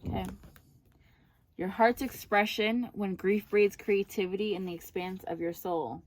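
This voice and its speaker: A woman's voice: medium pitch, steady tone, a little slow. A woman giving a casual personal tarot reading, chatty and effusive, often calling her listener "girl". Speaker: tarot card reader.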